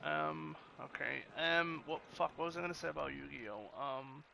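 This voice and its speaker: A man's voice: on the high side, moderate pace, gravelly, a crowd in the background. A man casually commenting on a game he plays, rambling and profane, often restarting his sentences. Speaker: gamer. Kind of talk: gameplay commentary.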